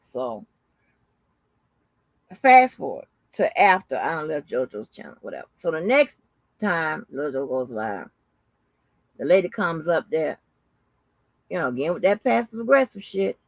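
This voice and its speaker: A woman hosting her own channel, telling a story in a casual, animated, profane and mocking way. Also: sits low, a little slow, vocal fry, pauses often, no echo. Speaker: channel host. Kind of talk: casual live-stream commentary.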